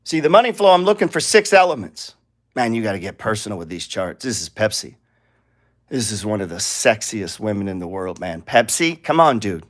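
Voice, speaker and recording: A man's voice: on the low side, big pitch swings, fairly quick. A man teaching a live trading lesson over charts, blunt and profane, firing off rhetorical questions.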